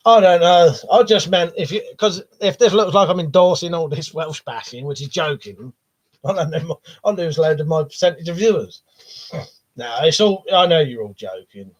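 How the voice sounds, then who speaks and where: A man's voice: fairly high pitch, animated, moderate pace. A man hosting a live stream, reading viewer comments aloud and chatting back casually with plenty of swearing. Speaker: livestream host. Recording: dull lo-fi stream audio.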